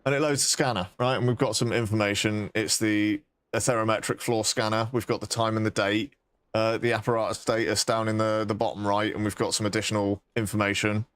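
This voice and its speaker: A man's voice: on the low side, little pitch movement, a little fast, a bit bright, smooth, no room sound. A man streaming a game and chatting casually, rambling, swearing and mocking himself with bursts of laughter. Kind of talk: casual live-stream chat.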